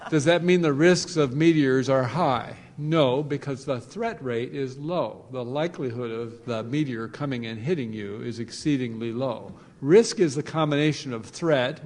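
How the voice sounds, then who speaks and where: Guy giving a conference talk, lively with little jokes, hall echo ringing behind him. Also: mid-range voice. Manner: animated, joking asides, repeats phrases for emphasis. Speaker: conference speaker. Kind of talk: conference presentation. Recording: long reverb of a large hall.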